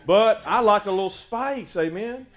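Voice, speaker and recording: A man with a high, bright voice delivers a sermon. He swells into loud, emphatic praise, then relaxes into folksy, humorous storytelling for the congregation. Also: a little slow, highs cut off. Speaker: pastor.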